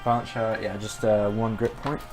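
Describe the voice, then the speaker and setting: A man with a fairly low voice playing a tabletop game, thinking through his moves aloud with fillers as he goes. Music runs clearly underneath him. His manner is steady and unhurried. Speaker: player. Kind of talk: casual tabletop play.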